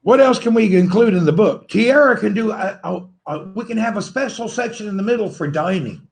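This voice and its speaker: A man's voice: sits high, lively intonation, a little fast, creaky. A man hosting a livestream, rambling playfully and teasing his viewers, laughing often. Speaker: livestream host. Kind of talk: rambling joking livestream chat.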